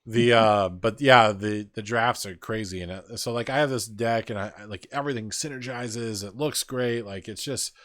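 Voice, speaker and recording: A man's voice: on the low side, normal speed, few pauses, fairly bright tone, dry recording, studio quality. A man hosting a podcast, chatting casually in a rambling way with lots of fillers. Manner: rambling, filler-heavy storytelling. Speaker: podcast host. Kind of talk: casual chat.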